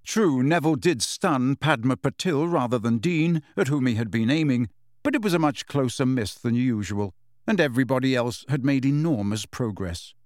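Brief: male storybook narrator, measured and expressive, mid-pitched, dry and close. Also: no room sound. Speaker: audiobook narrator. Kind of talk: scripted narration.

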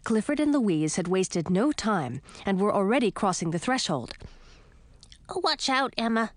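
A woman narrating a children's storybook in an expressive, animated way. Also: mid-range voice, moderate pace, dry recording. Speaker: audiobook narrator.

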